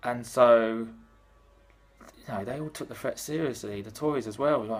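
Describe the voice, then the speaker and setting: A man's voice: mid-range voice, brisk, breathy edge. A British man giving a casual, irreverent, sweary talk on history. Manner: sloppy, swearing, irreverent, offhand. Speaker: vlogger explaining history. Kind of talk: casual comic history rant.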